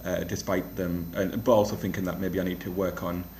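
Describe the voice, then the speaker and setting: Young man, low-pitched, self-deprecating stand-up rambling in an echoey flat; casual vlog delivery. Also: a little fast, slight background noise. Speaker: comedian vlogger. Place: rented flat. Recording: echoey room.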